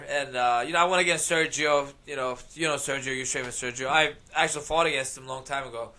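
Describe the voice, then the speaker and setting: Bright-voiced man in rambling chat. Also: fairly high pitch, steady tone, fast talker, hardly any pauses. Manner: rambling, laughs often, lots of fillers. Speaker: podcast guest, MMA fighter. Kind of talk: casual chat.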